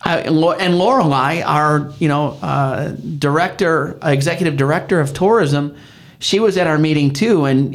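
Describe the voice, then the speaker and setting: An older man with a Midwestern American accent, co-hosting a casual chat and telling stories in a rambling way, full of restarts. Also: on the high side. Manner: rambling, many restarts, animated retelling. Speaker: podcast co-host, county council member.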